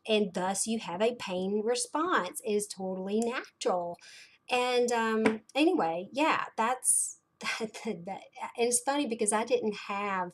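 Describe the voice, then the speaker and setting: A woman's voice: fairly high pitch, unhurried, a little hiss or hum. Chatty woman in her thirties. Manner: rambling and chatty, filler-heavy, with sudden dramatic asides. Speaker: host of a blind community livestream. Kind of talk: casual livestream chat.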